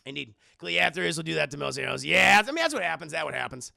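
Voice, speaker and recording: A young man streaming, recapping an episode in a profane, animated way that repeats itself. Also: on the high side, quick pace, creaky, no echo, studio quality.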